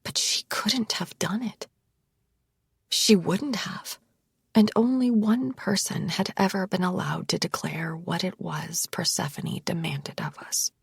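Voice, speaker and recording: Husky woman narrating a thriller. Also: lowish voice, a little slow, no room sound, studio quality. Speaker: audiobook narrator. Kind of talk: first-person thriller narration.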